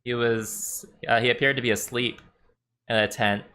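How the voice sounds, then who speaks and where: Bright-voiced man narrating as game master. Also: medium pitch, fairly even intonation, normal speed. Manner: loose, rambling narration with many fillers.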